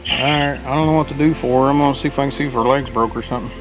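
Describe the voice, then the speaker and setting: Loud music plays behind this man's very fast, medium-pitched voice, and his tone stays steady. He is a vlogger narrating a casual camping video out in the woods, chatting folksily with viewers and addressing them as "y'all."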